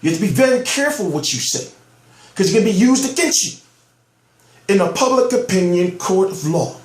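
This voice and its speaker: Man, ranting vlogger, somewhat high voice, heated and profane, amped up, echoey room. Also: very animated, brisk. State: amped up on soda. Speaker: boxing news commentator. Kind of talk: ranting vlog commentary.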